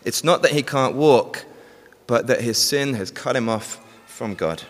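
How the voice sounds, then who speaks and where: Male preacher, storytelling sermon, medium pitch, long reverb of a church hall. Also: measured pace. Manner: storytelling, asks the congregation questions.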